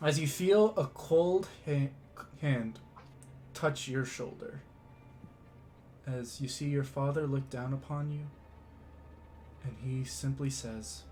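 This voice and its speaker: A man narrating a tabletop role-playing scene as game master, in a slow, hushed, dramatic way. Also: mid-range voice, a little hiss or hum.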